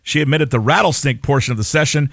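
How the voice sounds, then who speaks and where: A man's voice: a little high, fast talker, gravelly, fairly bright tone, breathy edge, dry recording. Wry male radio host, dry sound. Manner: wry, joking asides, laughs mid-sentence. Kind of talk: casual radio banter, reading a news story.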